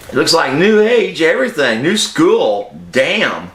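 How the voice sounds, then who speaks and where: A man's voice: on the high side, sing-song, unhurried, a bit bright. A man vlogging about a guitar amplifier in a folksy, chatty way with lots of fillers and laughs. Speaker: gear reviewer. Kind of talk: casual vlog. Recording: roomy echo.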